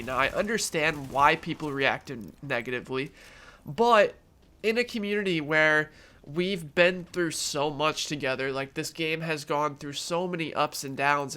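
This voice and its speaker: A young gaming YouTuber shares his sincere, opinionated views in a casual vlog, his fairly high, sharp voice nasal and stuffed up from allergies. He speaks conversationally, using filler words.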